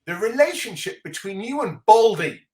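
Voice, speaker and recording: A man voicing a sharp, jealous woman superhero spy who asks pointed questions. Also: high-pitched, very animated, normal speed, pitched above the performer's own voice. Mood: prying. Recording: echoey room.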